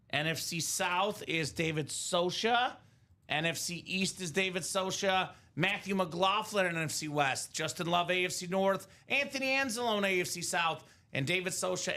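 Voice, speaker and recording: A man's voice: high voice, bright, forceful tone. A man hosting a live card break, chatting enthusiastically about football players and hits. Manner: enthusiastic, chatty sports banter. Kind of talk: upbeat live stream commentary.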